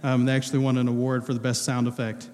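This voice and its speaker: A man's voice: medium pitch, monotone, fast, a little mellow. A male pastor talking casually from the pulpit, joking with the congregation while quizzing them on movie quotes. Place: large church hall. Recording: long hall reverb.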